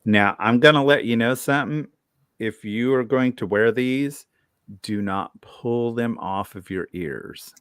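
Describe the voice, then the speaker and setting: Man, live sale host, unhurried delivery, tired morning voice, dry close sound. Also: medium pitch, fairly bright tone, clean tone, no echo. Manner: chatty, describing items. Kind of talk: casual live sale chat.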